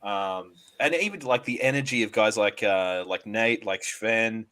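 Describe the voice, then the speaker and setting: A man guesting on a casual livestream chat, talking in a relaxed, hesitant way with fillers. His voice sits fairly low but has a bright, forward edge. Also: unhurried.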